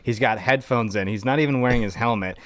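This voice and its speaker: A man's voice: medium pitch, fast talker, no room sound. A man, a veteran guest on a podcast, telling casual stories and acting out the voices of people in them. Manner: lively anecdotes, acts out quoted voices. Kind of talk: casual storytelling.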